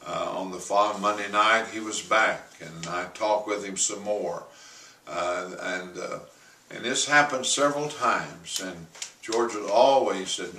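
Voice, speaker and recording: A man, a pastor, telling a testimony story in a halting way with many fillers, sometimes rising to forceful quoted commands. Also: sits low, a little hiss or hum. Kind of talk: testimony sermon. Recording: roomy, from a distance.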